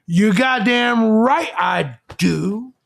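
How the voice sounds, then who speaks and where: A man's voice: sits high, extremely slow, gravelly, a bit bright. A man hosting a live stream, ranting crudely and combatively as he lectures his audience. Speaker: live show host.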